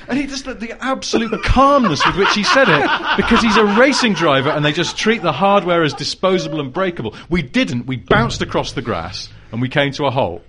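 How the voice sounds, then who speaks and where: British man, middle-aged, lively storyteller, slightly high voice, animated delivery. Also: fairly quick, hardly any pauses, heavy background noise. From United Kingdom. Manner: animated storyteller, acts out quotes. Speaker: podcast guest, former TV writer. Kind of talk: casual chat.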